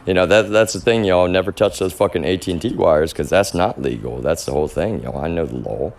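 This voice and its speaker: A man's voice: sits low, brisk, creaky, a little mellow. A man ranting on his livestream. He rambles and swears heavily, and he keeps calling his viewers "y'all.". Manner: rambling, agitated, heavy swearing. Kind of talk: livestream rant.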